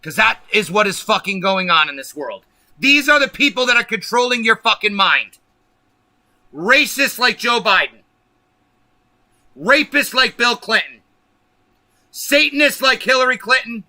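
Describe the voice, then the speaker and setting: Man, livestream host, profane angry rant, high voice, very bright and sharp. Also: animated, measured pace, pauses often, no room sound. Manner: angry, profane, emphatic ranting. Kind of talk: ranting political livestream.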